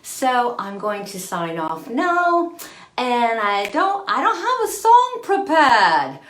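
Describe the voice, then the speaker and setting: A woman's voice: fairly high pitch, takes it slowly. A woman hosting a live-streamed self-care talk from a bathroom, gushing and playful, calling her viewers darling. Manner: playful and expressive, laughs often. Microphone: phone livestream. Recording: roomy, echoey bathroom sound.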